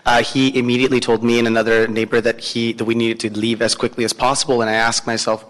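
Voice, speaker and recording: A man's voice: mid-range voice, flat delivery, a bit bright. Guy interpreting at a city hearing, hesitant, lots of uhs, mid voice, long echo. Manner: hesitant, many filler pauses. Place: city council chamber. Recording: long echo in a council chamber.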